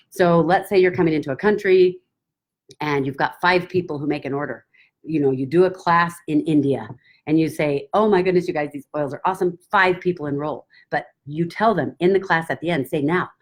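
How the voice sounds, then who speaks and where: A woman with a notably low voice talks through business advice in a casual coaching style. She stays enthusiastic and lively, often slipping into excited quoted voices with little gasps. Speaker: business mentor.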